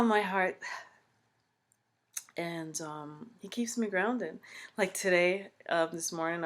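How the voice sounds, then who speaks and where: A young woman with a Caribbean English accent talks straight to her viewers in a casual storytime vlog. She is chatty and expressive, getting loud on some phrases and then dropping into soft, whispery asides. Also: fairly low pitch. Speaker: vlogger.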